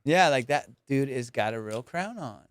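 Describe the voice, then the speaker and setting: A man's voice: mid-range voice, expressive, normal speed, clean tone. A man hosting a comedy podcast, rambling casually, swearing a lot and laughing often. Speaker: podcast host.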